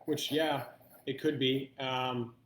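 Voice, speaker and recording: Mid-pitched male host who muses aloud through a tasting, recorded in a roomy space. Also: steady tone, a bit bright, a little hiss or hum. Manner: thoughtful, thinking aloud with pauses. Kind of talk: live online blind tasting.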